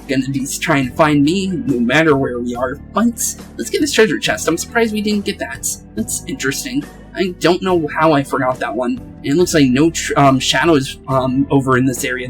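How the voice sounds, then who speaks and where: A man's voice: a little high, rough recording. A young man giving casual, chatty commentary while playing a game, laughing often as he talks. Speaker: gaming video host.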